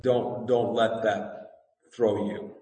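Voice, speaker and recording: A man's voice: fairly low pitch, little pitch movement, slow, dark tone. Male pastor preaching in an echoing hall. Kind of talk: sermon. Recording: echoey hall, distant mic.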